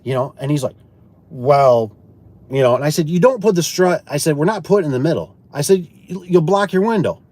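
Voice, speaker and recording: A man's voice: a little high, a little fast. A man who installs garage doors, chatting casually about jobs and acting out what customers and co-workers said, often repeating words as he restarts a sentence. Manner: animated, acts out quoted customers and himself. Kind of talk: casual storytelling chat.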